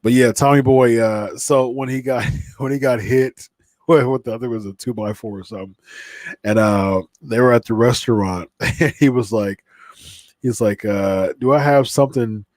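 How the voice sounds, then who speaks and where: A male podcast host rambles through a live stream in a casual, mid-pitched voice, with many "uh"s and restarts. He sounds slightly stuffy, and the recording is dry and close with no room sound. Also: steady tone, normal speed, darkish tone, no echo.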